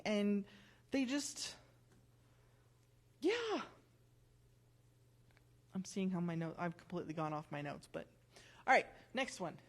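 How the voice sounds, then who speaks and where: Woman talking slow and easy at church, testimony style, chatty, reads bible verses out. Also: fairly high pitch. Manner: conversational, self-correcting, reads scripture aloud. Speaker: church member giving testimony. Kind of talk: testimony talk from notes.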